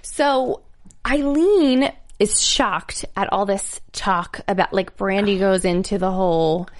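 A young woman talks through an episode recap in a loose, chatty way. She fills gaps with ums and playful asides at an everyday mid pitch. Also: takes it slowly. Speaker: podcast co-host. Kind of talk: casual recap chat.

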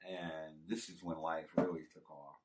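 A man's voice: extremely low pitch, level tone, normal speed, a little mellow. A middle-aged man from Texas with a Texan accent, telling his life story in a laid-back, rambling way. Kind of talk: casual storytelling. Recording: distant from the mic.

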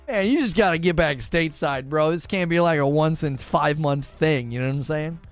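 A man's voice: on the high side, normal speed, faint music behind. A man hosting a gaming livestream, chatting casually with viewers, joking and reading chat aloud.

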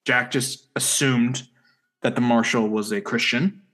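A man's voice: mid-range voice, steady tone, fairly bright tone. Man recapping with wry asides. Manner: brisk plot summaries with wry asides. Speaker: podcast co-host recapping episodes. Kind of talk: casual chat.

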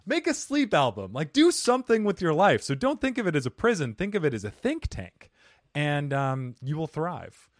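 A man hosting a podcast, chatting casually in a playful, animated way and laughing easily. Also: on the high side, moderate pace, dry recording, studio quality. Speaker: podcast host. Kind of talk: casual chat.

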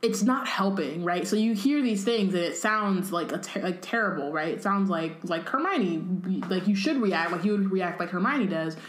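Woman reading a book out loud and chatting about it, lots of ums and likes, echoey room. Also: on the low side, animated, moderate pace, few pauses. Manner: reads aloud, adds chatty asides with filler words. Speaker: podcast co-host. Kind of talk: casual reading and discussion. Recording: roomy echo.

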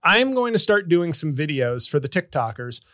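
Bright high-voiced man riffing fast. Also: big pitch swings. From Haitian background. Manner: fast riffing, slips into loud put-on character voices. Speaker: comedian podcast host. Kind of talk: casual comedic chat.

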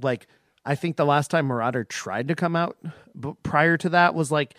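Halting man, dry close sound. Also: fairly high pitch, a bit bright, no echo. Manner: halting, full of restarts and "like". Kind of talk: casual chat.

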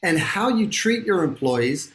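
Australian male guest, slightly high voice, echoey room; articulate, lively explainer. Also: a little slow. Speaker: guest, author. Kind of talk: interview conversation.

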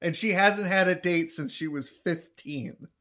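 A man's voice: high-pitched, measured pace, bright, forceful tone. Man dryly cracking jokes on a podcast. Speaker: podcast co-host. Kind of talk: casual chat.

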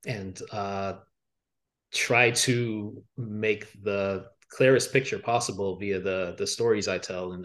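A young adult man, an author guest on a podcast, talking in a reflective, halting way with many fillers and restarts. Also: fairly low pitch, fairly bright tone. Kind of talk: reflective interview talk. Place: podcast studio.

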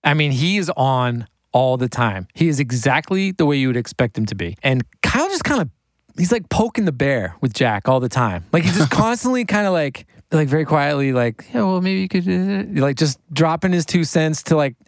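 A man working as a record producer and engineer, chatting casually in an interview, excitable and quick, laughing often and saying "like" a lot. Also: fairly high pitch, dry recording.

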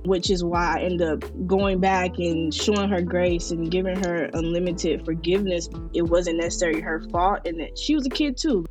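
A young woman tells her own story in a candid, earnest way, pausing often with casual fillers. Her voice sits a little low. Soft music plays faintly beneath her words. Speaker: interviewee sharing her story.

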